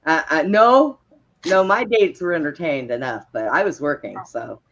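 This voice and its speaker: A woman's voice: low-pitched, expressive, moderate pace, a crowd in the background. A woman spins casual anecdotes from her years as a police officer, laughing often. She acts out the voices in her stories. The sound is a little muffled and lo-fi. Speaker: guest, former police officer. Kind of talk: casual storytelling on a talk show. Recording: slightly dull, lo-fi sound.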